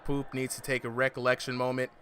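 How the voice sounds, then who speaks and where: Delivering completely flat, a fast-talking man with a slightly bright mid-range voice commentates a boxing exhibition live. His esports-style call is loaded with slang and hype and repeated "you know what I'm saying", heard over noisy livestream audio.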